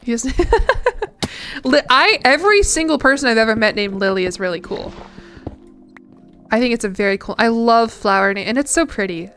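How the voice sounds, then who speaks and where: A woman's voice: a little high, expressive, moderate pace, long pauses, fairly bright tone, clean tone, soft background music. A young American woman streaming a game and chatting casually with viewers, laughing often and rambling with lots of fillers. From United States. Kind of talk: casual chat while gaming.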